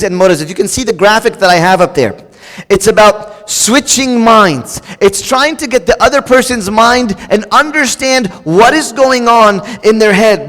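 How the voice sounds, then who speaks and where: Man, middle-aged, pastor, sermon, high-pitched, animated, acts out quoted spouses, reverberant church hall.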